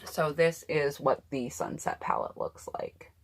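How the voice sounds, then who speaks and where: With a deep, creaky voice and an unhurried pace, a woman beauty vlogger gives a casual review of her eyeshadow palettes. She's chatty and opinionated, addressing her viewers directly, with a little hiss or hum on the recording.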